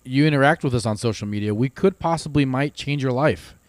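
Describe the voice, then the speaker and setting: A man co-hosting a family podcast, teasing the others with quick banter. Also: mid-range voice, no room sound. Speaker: podcast co-host. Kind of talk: casual family podcast chat.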